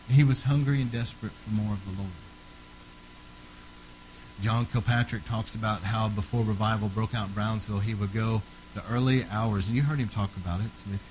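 A man's voice: steady tone, brisk, slight background noise, poor audio. Fervent man preaching a sermon. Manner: fervent, rising to loud emphatic peaks then dropping low.

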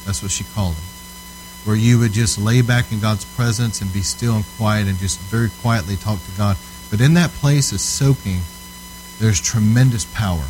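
A man's voice: on the low side, normal speed, a little mellow, faint music behind, poor audio. A man preaching to a congregation in a casual, storytelling way, earnest and emphatic, often checking in with the listeners. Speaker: preacher teaching on altar ministry. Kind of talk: conversational sermon teaching.

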